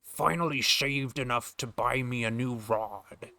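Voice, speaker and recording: A man doing a gruff old sailor with slurred S's. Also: mid-range voice, bright, forceful tone. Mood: hearty. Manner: slow drawl with slurred S sounds.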